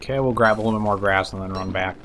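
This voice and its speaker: A man giving casual let's play commentary, excitable and swearing, talking to the creatures in the game. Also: on the low side, rapid-fire, slight background noise. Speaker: gameplay commentator.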